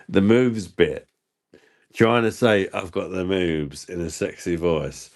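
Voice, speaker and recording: A man's voice: sits low, creaky. A man hosting a casual livestream chat, trading crude, self-mocking banter and laughing often. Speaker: livestream host.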